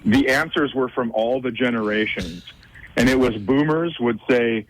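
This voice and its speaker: Male comedian, 40s, from Minnesota, wry storyteller, mid pitch. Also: normal speed, background noise. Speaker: comedian guest. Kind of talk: casual radio interview.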